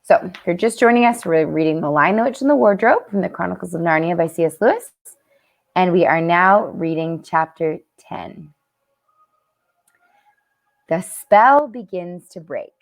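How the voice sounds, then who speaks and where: A woman's voice: lowish voice, lively intonation, moderate pace, gravelly. A woman reading a children's book aloud as a nightly bedtime story, with chatty asides. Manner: chatty, warm asides between read passages. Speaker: camp storyteller.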